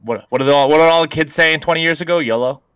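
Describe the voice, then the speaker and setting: Bright-voiced man in joking podcast banter. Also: a little high, fast, clear, resonant tone, no echo, poor audio. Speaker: podcast co-host. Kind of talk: casual chat.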